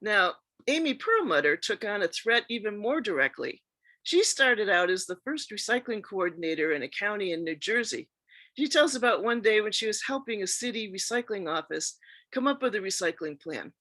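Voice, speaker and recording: A woman's voice: mid-range voice, very animated, normal speed, pushed and bright, dry recording. A woman host reading true stories aloud in a scripted narration, acting out the quoted speech as she goes. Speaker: radio show host.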